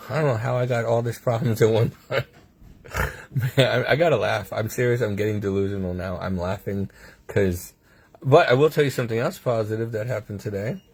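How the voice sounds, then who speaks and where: A man talking casually to his phone camera from a hospital room, rambling and halting with restarts and nervous laughs. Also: lowish voice, gravelly, darkish tone, breathy edge. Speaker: patient sharing his health ordeal. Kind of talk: casual vlog monologue.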